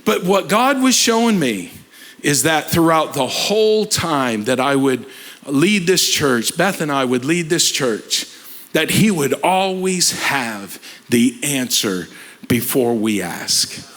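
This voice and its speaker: Male pastor, sermon story, lively quoted dialogue, slightly high voice, middle-aged. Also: slow.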